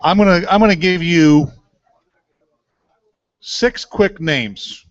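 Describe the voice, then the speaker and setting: A man hosting a casual chat, a former pitcher who jokes and drops quick quips. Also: no echo. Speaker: host, former major-league pitcher. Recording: dull, dry, lo-fi sound.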